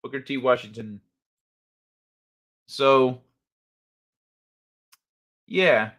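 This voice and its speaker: Medium in pitch, very slow, and fairly bright in tone, a man fronts a laid-back late-night stream. He jokes in a crude way and keeps up a conversation with the viewers in chat.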